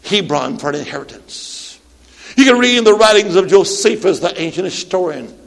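A man in his sixties preaching a Pentecostal sermon. He calls for amens, shouts and sings out his lines. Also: sits high, expressive, moderate pace, creaky. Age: 60s. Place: church sanctuary. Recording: long hall reverb.

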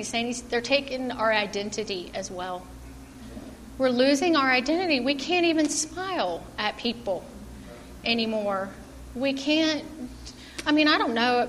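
In a church hall with long reverb and faint room noise, a middle-aged lay preacher gives a casual sermon. Her fairly high voice is a bit bright, and she comes across as earnest and self-deprecating, with frequent laughter.

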